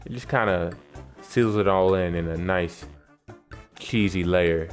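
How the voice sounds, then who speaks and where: A man's voice: deep voice, unhurried, faint music behind. A man from New York narrating a cooking tutorial with wry, joking asides. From New York, United States. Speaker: cooking channel host.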